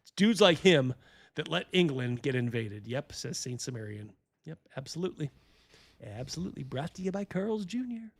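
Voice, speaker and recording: Male host, casual chat, profane, rambling, slightly high voice. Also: very animated, moderate pace, vocal fry. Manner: rambling, profane, laughs a lot.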